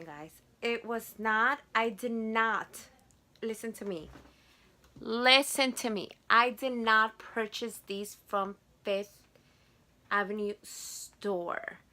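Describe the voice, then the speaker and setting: A woman's voice: a little high, takes it slowly, bright, forceful tone. A woman in her twenties with a Spanish accent, chatting to camera in a casual haul vlog, gushing and repeating words for emphasis. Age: 20s. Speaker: vlogger.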